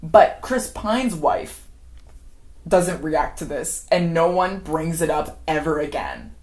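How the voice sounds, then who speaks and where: Young woman rambling thru a film recap, slightly low voice, says like a lot, laughs a bunch. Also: big pitch swings, slow, darkish tone. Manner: chatty, heavy use of "like", acts out quoted characters, laughs often. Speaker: film commentary vlogger. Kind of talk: unscripted casual movie recap ramble.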